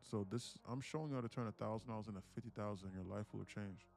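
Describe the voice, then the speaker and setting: A man's voice: fairly low pitch, quick pace, creaky, a little mellow. A man hosting a live day-trading stream, ranting, swearing and talking motivationally to his viewers.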